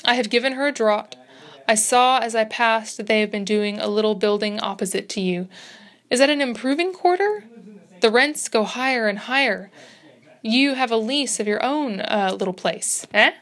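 A woman voicing a confident, genial male doctor from a storybook, chatting away calmly. The voice sits a little high, and it is read at an easy, unhurried pace. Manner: easy, talkative bedside chatter.

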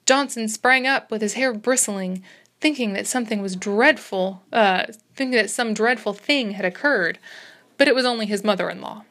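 A woman reading a classic story aloud in a steady, even narration style, sometimes correcting herself. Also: mid-range voice, moderate pace. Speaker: reader.

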